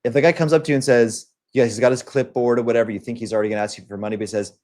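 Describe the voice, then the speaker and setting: A man's voice: medium pitch, steady tone, very fast, a little mellow. A young man hosting a livestream, talking bluntly and crudely in a casual rant, often acting out the lines of other people. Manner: blunt and profane, acts out quoted lines. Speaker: livestream host.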